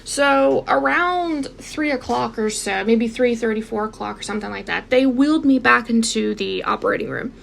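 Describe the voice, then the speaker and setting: A young woman telling a personal story in a casual, animated way, speaking straight to her viewers and acting out what people said. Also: on the high side, moderate pace, vocal fry, few pauses, slight background noise. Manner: animated, addresses viewers directly, acts out quotes.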